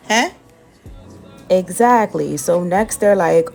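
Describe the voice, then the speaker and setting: A woman's voice: a little high, measured pace, soft background music. Sassy New woman telling a story. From the Bronx, New York. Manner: animated, sassy, slangy storytelling. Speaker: nail and beauty vlogger. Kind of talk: casual storytime vlog.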